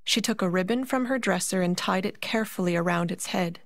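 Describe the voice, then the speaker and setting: A woman narrating a fairy tale for a concert, slow and deliberate with dramatic pauses. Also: lowish voice, no echo, clean studio sound. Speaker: narrator and puppeteer.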